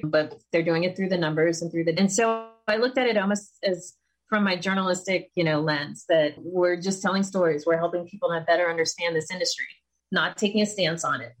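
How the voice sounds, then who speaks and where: A woman's voice: on the low side, a bit bright, low-quality recording. A woman in her thirties, a guest in a conversational interview, chatty and self-deprecating, often quoting herself. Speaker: podcast guest, communications strategist.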